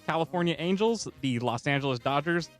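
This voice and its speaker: A man's voice: a little high, expressive, a little fast, soft background music. A man reading sports trivia questions aloud on a radio show. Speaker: trivia quizmaster.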